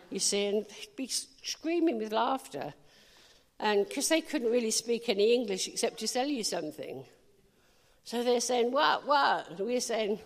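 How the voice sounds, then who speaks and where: A woman preacher telling a lively story in a sermon, laughing often and asking the crowd questions. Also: mid-range voice. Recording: long hall reverb.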